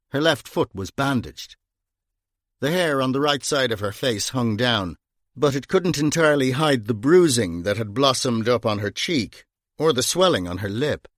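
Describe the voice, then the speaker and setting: A man reading a novel aloud in a measured, wry storytelling manner. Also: medium pitch, no echo, clean studio sound. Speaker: audiobook narrator. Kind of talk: scripted narration.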